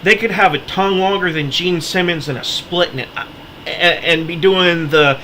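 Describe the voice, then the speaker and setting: An American political commentator delivers an impassioned, heated and pleading monologue, his voice cracking as he gets worked up. His voice is high and sharp at a moderate pace, on a low-quality recording with a little hiss or hum.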